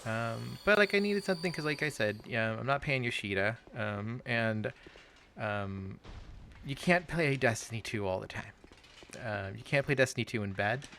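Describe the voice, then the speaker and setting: A man's voice: mid-range voice, moderate pace, gravelly, a bit bright, slight background noise. A man chatting casually while playing a game, rambling with many fillers and restarts and swearing freely.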